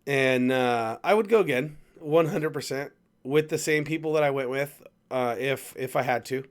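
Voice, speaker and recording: A man hosting a podcast, telling a travel story in a rambling, animated way with plenty of restarts. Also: mid-range voice, normal speed. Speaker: podcast host. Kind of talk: casual chat, storytelling.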